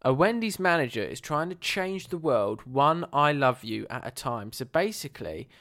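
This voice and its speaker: A man's voice: mid-range voice, very animated, moderate pace, a bit bright. A man hosting a podcast in casual chat, laughing often and repeating himself as he talks. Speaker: podcast host.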